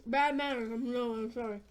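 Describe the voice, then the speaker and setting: A woman vlogger chatting casually on camera while eating snacks, rambling and offhand, with fillers and some swearing. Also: on the high side. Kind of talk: casual eating vlog chat.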